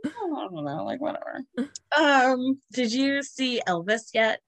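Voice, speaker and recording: A woman's voice: sits high, lively intonation, a little slow, fairly bright tone, no room sound. A young woman hosting a casual podcast chat, talking loosely with many fillers and frequent giggles. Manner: chatty, giggly, lots of fillers. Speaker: podcast host.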